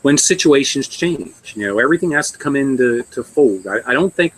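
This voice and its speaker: A man's voice: mid-range voice, animated, a little fast, a bit bright, a little hiss or hum, low-quality recording. A man co-hosting a casual chat over a video call, easygoing and rambling, laughing often. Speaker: co-host.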